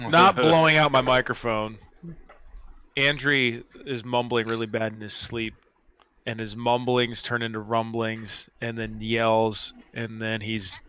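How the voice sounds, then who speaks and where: A man playing a tabletop game, narrating his character's actions in an animated way. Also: mid-range voice, clear, resonant tone. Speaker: player.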